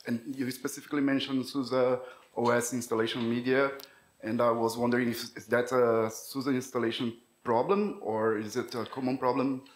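A man's voice: medium pitch, fairly even intonation, brisk. A man in the audience asking a question at a tech conference, hesitant and repeating words. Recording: roomy hall sound with faint noise.

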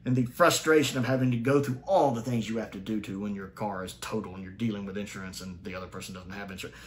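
A man giving a casual spoken review of a TV episode, opinionated and thinking aloud, often restarting and jumping up in pitch to stress a point. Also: fairly even intonation, fast, slight background noise.

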